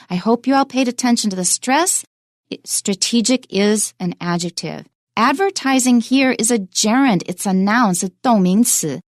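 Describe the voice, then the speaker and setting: A woman teaching English pronunciation on a radio lesson, explaining clearly and switching between English and Mandarin. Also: on the high side, normal speed, dry recording, studio quality.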